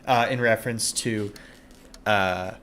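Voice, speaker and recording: A man live-streaming a game from his home computer desk, chatting casually with viewers and cooing softly at his cat. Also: on the low side, steady tone, slow pace, a little hiss or hum. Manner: chatty, talks to his cat in a soft doting voice.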